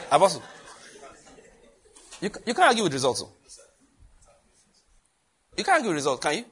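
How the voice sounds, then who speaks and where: A man preaching a sermon, lively, with laughter and questions thrown to the congregation. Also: a little high, normal speed, pauses often, a little hiss or hum. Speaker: pastor.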